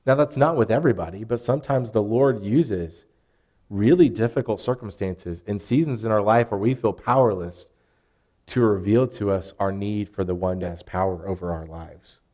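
Earnest Southern-accented pastor preaching. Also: male voice, on the low side, moderate pace, darkish tone. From Arkansas. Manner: earnest and conversational, with frequent restarts and rising emphasis. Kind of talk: sermon.

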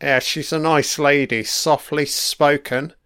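Guy doing a slow sweary reaction commentary, smooth clean voice. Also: on the high side, fairly even intonation, fairly bright tone, no room sound, studio quality. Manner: crude, profane running remarks.

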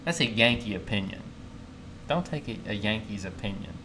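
A man's voice: on the low side, expressive, moderate pace, background noise. A young man from the American South co-hosting a podcast, talking in a casual, easygoing way. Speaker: podcast co-host. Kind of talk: casual chat.

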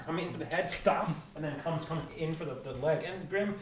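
A man narrating a tabletop game as game master, animated, stumbling over words and laughing. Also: fairly high pitch, normal speed, reverberant, recorded from a distance.

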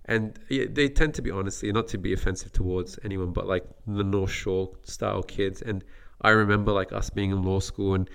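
A man's voice: lowish voice, fairly even intonation, fairly quick, gravelly, few pauses, a bit bright, clean tone. A young Australian man from Western Sydney, co-hosting a casual podcast chat, blunt and opinionated. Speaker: podcast co-host.

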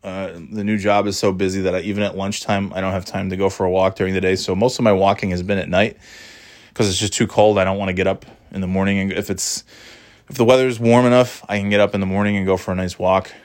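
A man's voice: sits low, flat delivery, fast. Wry man telling a rambling story. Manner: rambling, wry, self-deprecating. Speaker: vlogger. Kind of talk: casual storytelling.

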